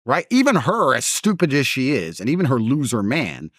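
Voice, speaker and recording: A man's voice: medium pitch, huge pitch swings, normal speed, no room sound, clean studio sound. A man in a casual conversation, telling stories in a blunt, emphatic way.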